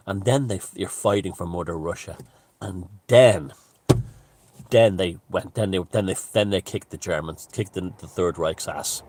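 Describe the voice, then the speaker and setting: A man's voice: sits low, a little fast, a little mellow. A man giving a casual, rambling monologue, emphatic and full of restarts and asides. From Ireland. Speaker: author and commentator.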